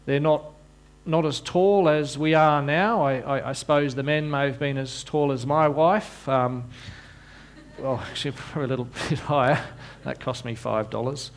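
A man's voice: mid-range voice, steady tone, normal speed. A man preaching a sermon, often repeating words as he restarts and slipping in wry asides.

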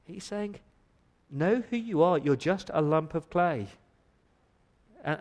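A pastor preaches a church sermon with emphatic, pressing delivery, asking rhetorical questions and often tripping over and repeating his words. His voice is at an ordinary male pitch and a little mellow.

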